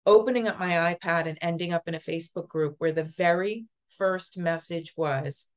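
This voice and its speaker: A woman telling a personal story as an interview guest, earnest and halting, often repeating words. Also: on the low side. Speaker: podcast guest, psychic Reiki master.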